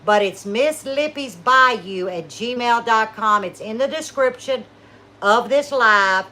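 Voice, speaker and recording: Folksy south louisiana lady chatting on a live stream, bright voice, a bit high. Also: slow pace, a little hiss or hum, low-quality recording. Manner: chatty, folksy, addresses viewers as y'all and honey. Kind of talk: casual live stream chat.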